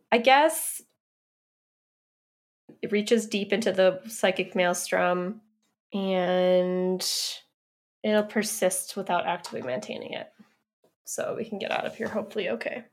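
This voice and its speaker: A woman's voice: medium pitch, takes it slowly, pauses often, a little mellow. A woman playing a tabletop game, talking through the rules and laughing easily. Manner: chatty, explaining, giggly. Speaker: player.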